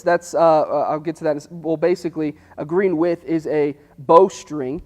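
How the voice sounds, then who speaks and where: A man preaching a casual sermon, telling the story in a chatty, animated way and acting out the quotes. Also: a little high, moderate pace, few pauses. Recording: long reverb in a hall.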